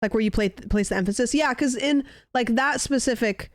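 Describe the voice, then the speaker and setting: A woman's voice: a little high, moderate pace, no room sound, clean studio sound. A young woman streamer in casual chat, rambling and musing aloud with lots of "like" fillers.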